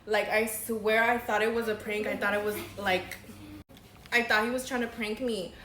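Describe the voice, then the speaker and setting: A woman's voice: mid-range voice, steady tone, normal speed, a bit bright, roomy sound, slight background noise. A young woman, a makeup artist, telling a dramatic story in casual, chatty vlog style. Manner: chatty, dramatic, says girl a lot.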